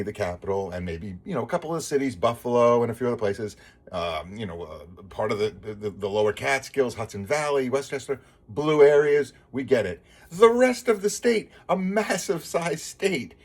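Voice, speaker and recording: Husky-voiced man ranting casually. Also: lowish voice. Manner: digressive, opinionated, restarts a lot. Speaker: vlogger. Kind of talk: casual rambling monologue.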